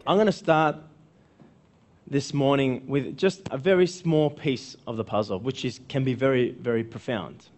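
A man's voice: medium pitch, moderate pace, a little mellow. A male coach giving a live seminar talk to an audience, conversational, often checking in with the room and repeating phrases. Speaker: workshop speaker and coach.

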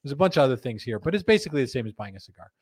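A man's voice: medium pitch, sing-song, very fast, slightly rough, no echo. A man hosting a casual live chat show, laid-back and joking as he reads viewer comments aloud. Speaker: host. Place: company studio.

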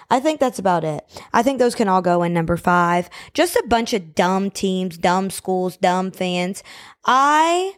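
A woman's voice: mid-range voice, animated, unhurried. A young woman hosting a podcast from home, talking casually in a brash, opinionated way with lots of fillers, hot and a bit sweaty. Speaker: podcast host. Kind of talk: casual solo podcast rant. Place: at home at her table.

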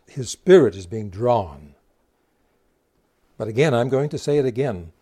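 A man preaches a sermon in a mellow, warm voice. He retells the scripture story with quoted dialogue. He keeps putting rhetorical questions to the congregation. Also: mid-range voice, expressive, a little slow, breathy edge.

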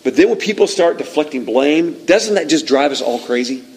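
A man preaching a sermon in a relaxed, conversational way, retelling a scripture story and acting out its moments. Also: a little high, moderate pace, rough recording. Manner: conversational, animated storytelling that acts out the scene. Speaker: pastor.

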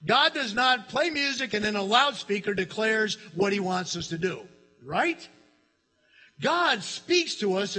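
A high-voiced man delivers a lively sermon, his bright, forceful tone carrying through a church hall with a long reverb tail. He tells stories with energy and acts out the voices of the people he quotes. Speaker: pastor. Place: church sanctuary.

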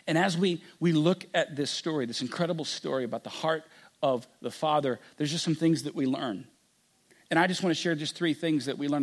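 A man preaching a sermon with passion, acting out the voices in the story and at times dropping to a hushed tone. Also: mid-range voice. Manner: impassioned, acts out the story's voices; drops to a hushed, quiet delivery. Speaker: pastor.

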